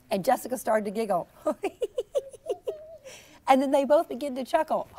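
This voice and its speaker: A woman storyteller reading her picture book aloud to a classroom of children, expressive and coaxing them to join in. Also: high-pitched. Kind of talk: interactive read-aloud for children.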